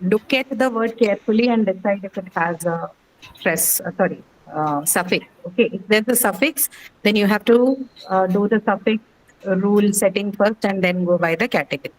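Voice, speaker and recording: An English teacher teaches pronunciation in an online class, her mid-range voice at a moderate pace on a rough recording. She goes patiently step by step, repeating words and asking "okay?".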